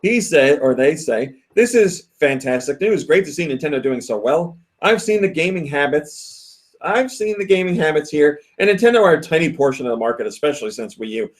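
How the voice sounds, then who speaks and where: A man's voice: a little high, lively intonation, fairly quick, few pauses. A man hosting a casual podcast, chatting, laughing often and reading viewer comments aloud. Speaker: podcast host.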